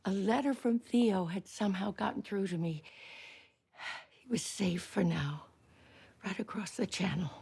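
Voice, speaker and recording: An actress playing an elderly woman who served as a nurse in a great war, recalling it softly and reflectively, sometimes dropping to a whisper. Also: mid-range voice, a little slow, gravelly, pauses often, slightly rough, exaggerated voice. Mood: tender. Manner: soft, reflective, drops to a whisper at times. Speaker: former wartime nurse recalling her past. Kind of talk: first-person docudrama narration.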